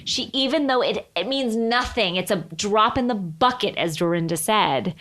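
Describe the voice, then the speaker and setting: A woman's voice: mid-range voice, normal speed, a bit bright. A woman co-hosting a podcast, chatting casually and laughing often. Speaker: podcast co-host. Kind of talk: casual chat.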